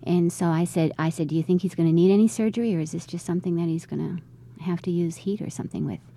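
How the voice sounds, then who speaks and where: Middle-aged woman telling her story in an interview, low dark voice, talks quick, does everyone's lines as she goes. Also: creaky. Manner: conversational, re-enacts quoted dialogue. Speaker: interviewee, mother.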